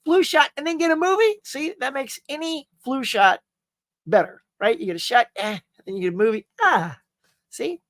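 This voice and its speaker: A man's voice: very high-pitched, expressive, moderate pace, a bit bright, no room sound. A man hosting a casual live stream, rambling cheerfully, greeting viewers and reading their comments, often saying "y'all" and "man.".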